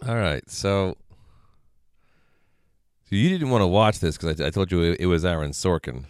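Male podcast co-host, deep but animated, smooth voice, dry close mic. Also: normal speed, no echo. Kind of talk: casual movie review chat.

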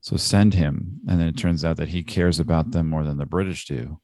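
A man's voice: very deep voice, fairly even intonation, moderate pace, warm tone, no echo, clean studio sound. A man in a casual film discussion, talking animatedly and acting out quoted lines, laughing often.

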